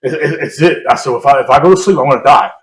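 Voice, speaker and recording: A man's voice: medium pitch, rapid-fire. A young man chats on a podcast, telling a story in a loose, rambling way. He pokes fun at himself and laughs easily. His voice sits mid-range and carries a roomy echo. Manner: rambling, self-mocking, laughs often. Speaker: podcast co-host. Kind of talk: casual storytelling chat.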